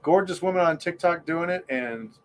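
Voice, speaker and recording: A man's voice: sits high, moderate pace, a little hiss or hum. A man hosting a podcast in casual chat, rambling and enthusiastic, with lots of fillers. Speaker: podcast host.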